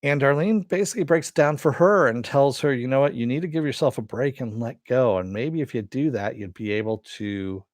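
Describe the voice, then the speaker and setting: A man's voice: mid-range voice, brisk, few pauses, no room sound, clean studio sound. A man casually recapping a TV episode, rambling along with lots of fillers. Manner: rambling, many "you know" and "uh" fillers. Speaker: TV episode reviewer.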